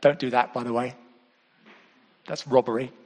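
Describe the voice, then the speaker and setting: A man preaching a sermon, casual and direct, dropping to hushed asides and rising to emphatic exclamations, often calling out to the congregation. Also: mid-range voice, little pitch movement, moderate pace, in a large hall. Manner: conversational, with repeated calls to the audience.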